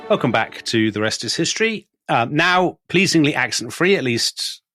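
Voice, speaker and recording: A man co-hosting a podcast, prompting his partner and teasing him with quick quips. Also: on the high side, animated, music in the background. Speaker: podcast co-host. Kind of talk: casual history chat.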